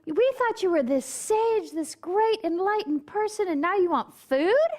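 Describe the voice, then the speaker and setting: A woman voicing baffled, indignant disciples, in an incredulous, high and loud tone. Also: expressive, a little slow.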